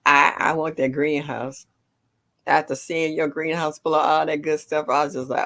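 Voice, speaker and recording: An older woman hosting a casual gardening livestream, greeting viewers by name and chatting warmly. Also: low-pitched, little pitch movement, moderate pace. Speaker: livestream host.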